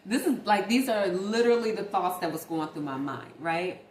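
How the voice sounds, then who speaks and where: A woman's voice: mid-range voice, moderate pace. A young woman talking casually and animatedly straight to her viewers in a late-night vlog. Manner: chatty, animated, talks straight to viewers as "y'all". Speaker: vlogger. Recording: echoey room with faint ambient noise.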